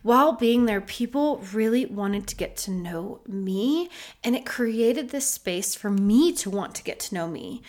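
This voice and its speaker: Woman host, 30s, reflective personal storytelling, earnest and lively. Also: on the high side, unhurried. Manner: earnest, reflective, animated when retelling. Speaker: podcast host.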